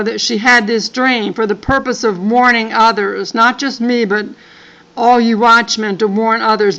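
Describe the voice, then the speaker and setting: A woman's voice: fairly high pitch, pushed and bright, highs cut off. An older woman and grandmother reading a dream account aloud, breaking off for earnest, apologetic asides. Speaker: channel host.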